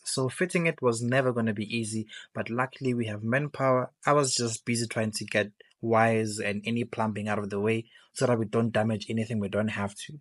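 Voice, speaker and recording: A man narrating his car-rebuild vlog in a relaxed, chatty voice-over that talks straight to his viewers. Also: mid-range voice, no echo. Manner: relaxed, chatty walkthrough, addressing viewers as guys.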